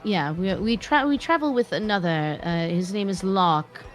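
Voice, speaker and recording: A woman's voice: mid-range voice, sing-song, moderate pace. A woman playing a tabletop game, speaking hesitantly with many fillers. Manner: hesitant, filler-heavy speech. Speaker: player. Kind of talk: casual tabletop play.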